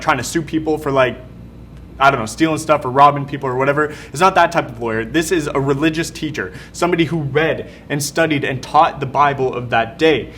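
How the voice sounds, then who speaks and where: A young man delivering a youth sermon with animated, casual storytelling and plenty of slang. His voice sits a little higher than most men's. A faint rumble of noise runs underneath. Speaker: youth pastor.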